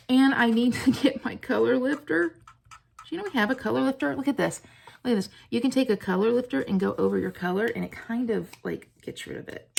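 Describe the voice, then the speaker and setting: A woman with a gravelly, medium-pitched voice hosts a casual stamping tutorial as a crafting video host, chatting self-deprecatingly to viewers while she colors. There's slight background noise.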